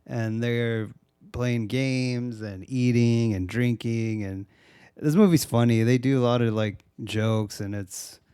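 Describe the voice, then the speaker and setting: Casual male co-host, dry close sound, mid pitch, profane recap chat. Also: slow pace, dark tone, smooth, dry recording. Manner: casual, profane, acts out movie lines. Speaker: podcast co-host.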